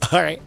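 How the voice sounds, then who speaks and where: A man's voice: high voice, vocal fry, bright, forceful tone. A man running a tabletop game as game master, loose and chatty with lots of fillers. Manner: loose and chatty, many fillers, laughs often.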